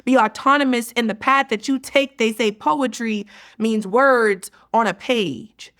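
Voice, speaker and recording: A woman's voice: fairly high pitch, measured pace, fairly bright tone. A woman performing spoken word poetry with a rhythmic, emphatic delivery.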